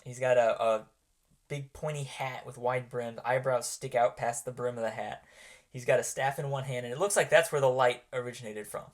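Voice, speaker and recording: A man's voice: medium pitch, fairly even intonation. A man narrating a tabletop role-playing game as game master, hesitant and full of fillers and restarts. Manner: halting, many fillers and restarts.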